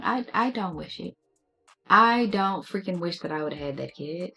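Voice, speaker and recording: A young woman with a low, gravelly voice talks straight to her viewers in a sassy, candid storytime chat. Her delivery is casual and unfiltered, like she is catching up with a friend. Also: expressive, moderate pace, pushed and bright, soft background music. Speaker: beauty vlogger.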